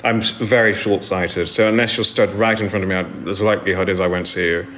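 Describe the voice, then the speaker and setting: A man's voice: low voice, fairly even intonation, quick pace, pushed and bright, faint music behind. A man chatting casually on a live stream from home, rambling and self-deprecating as he answers viewers' comments into his phone. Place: indoors at home.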